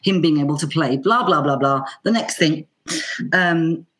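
Lively Irish woman telling a story. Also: low voice, unhurried. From Ireland. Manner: lively, acts out quoted voices with lots of fillers. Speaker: banjo player and teacher guest. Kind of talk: casual anecdotal storytelling.

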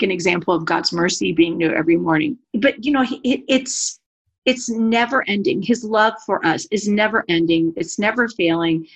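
A woman speaks as a guest on a faith-focused show, her voice sitting in an ordinary middle range. She talks in quick, animated bursts and slips teasing humor in between her earnest points. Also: mid-range voice. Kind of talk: faith-based conversation.

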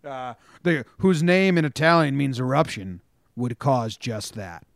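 A young man co-hosting a podcast in casual sports chat, talking in an animated, storytelling way and swearing freely. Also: medium pitch, measured pace, gravelly, dry recording. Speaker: podcast co-host.

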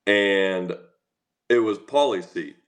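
Low-voiced, easygoing man. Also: slow. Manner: easygoing, laughs through anecdotes. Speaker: guest, pro pitcher. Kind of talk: interview chat.

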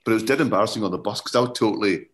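A man with a Scottish accent faintly tinged with English, telling stories as a comedian guest in a casual chat. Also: lowish voice. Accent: slightly English-tinged Scottish. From Scotland. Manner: animated storyteller, quick asides, chuckles.

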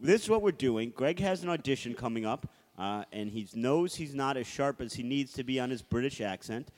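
A man's voice: medium pitch, lively intonation, fairly quick, a little mellow. A man hosting a casual comedy podcast, bossily setting up an improv sketch, in a reverberant room. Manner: bossy, sets up improv sketches. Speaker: podcast host.

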